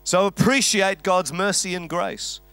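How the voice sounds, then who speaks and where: A man's voice: high-pitched, measured pace, pushed and bright, clean tone, no room sound. A man preaching a sermon, telling a story with a wry, conversational humor. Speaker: pastor.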